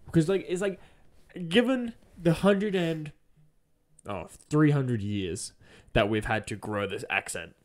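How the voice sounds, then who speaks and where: A man's voice: on the high side, measured pace. A young man from South Australia with a South Australian accent, co-hosting a podcast and rambling through jokey theories in casual chat. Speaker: podcast co-host.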